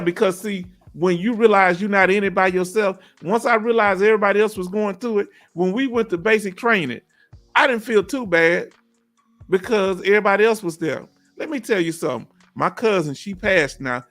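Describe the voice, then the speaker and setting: High-voiced man hosting a livestream. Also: normal speed, a bit bright. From Houston, Texas. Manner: folksy, encouraging, reads viewer comments aloud. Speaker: livestream host. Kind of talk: casual livestream chat. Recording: faint music behind.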